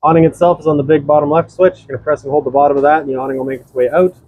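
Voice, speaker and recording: Man, fast-talking, slightly high voice, practical instructive walkthrough. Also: steady tone, phone-quality sound, slight background noise. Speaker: RV sales walkthrough presenter. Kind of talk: casual product walkthrough. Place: outdoors and inside a travel trailer.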